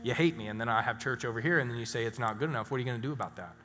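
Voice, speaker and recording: A pastor acting out a defensive, sharp-tongued woman at a well, speaking quickly with a rising, mocking tone. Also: medium pitch, lightly acted. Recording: reverberant hall with faint music.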